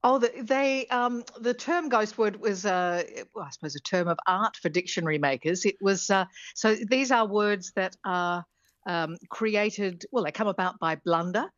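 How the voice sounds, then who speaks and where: A woman's voice: medium pitch, normal speed, no room sound, lo-fi sound. A woman linguistics professor explaining words on a radio show, thoughtful and hesitant with many fillers.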